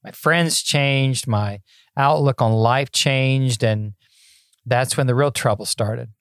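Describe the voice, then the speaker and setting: A man's voice: medium pitch, slow pace, dry recording, clean studio sound. A man in his sixties, a podcast guest, telling his life story in a folksy, self-deprecating way, often repeating words as he starts a thought. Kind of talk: casual interview storytelling.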